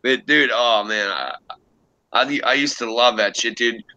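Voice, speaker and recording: Bright-voiced man telling a wild story. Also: mid-range voice, measured pace, no echo, muffled recording. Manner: animated, profane storytelling with laughs. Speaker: livestream host. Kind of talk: casual storytelling.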